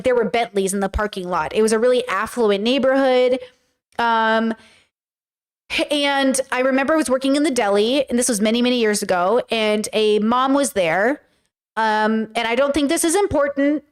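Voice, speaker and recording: A woman streaming casual commentary, talking bluntly and with profanity as she tells stories with animation. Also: a little high.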